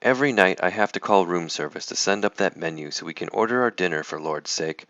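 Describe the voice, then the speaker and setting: Reading a children's picture book with lively expression, a man with a very deep, smooth voice moves at a quick pace. The sound is close and dry, slightly muffled.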